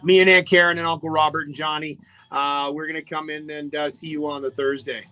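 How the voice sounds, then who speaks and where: A man's voice: fairly high pitch, level tone, a little fast, pushed and bright, clean tone. A man hosting a live radio show in casual, jokey chat, greeting listeners by name. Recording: faint music behind the voice.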